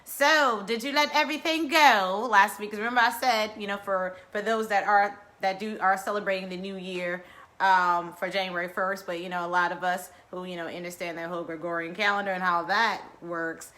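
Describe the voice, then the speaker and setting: A middle-aged woman hosting a wellness video, leading guided breathing and chatting in a lively, playful way. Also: medium pitch, brisk. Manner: lively, playful, drawls and chuckles. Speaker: wellness vlogger. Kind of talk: guided breathing and casual chat.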